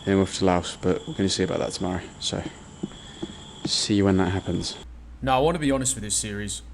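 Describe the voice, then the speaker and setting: A young man narrating his own motorbike trip in a casual travel vlog, cheeky and self-mocking, with bursts of excitement. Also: deep voice, fast talker, vocal fry, a little hiss or hum. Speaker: travel vlogger.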